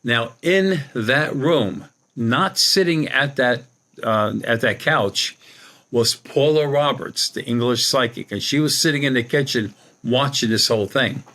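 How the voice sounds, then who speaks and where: A man's voice: medium pitch, a little slow, sharp tone. A man guest, a psychic medium, telling a rambling personal story in a casual way and retelling what people said. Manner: rambling, retells dialogue with "she goes".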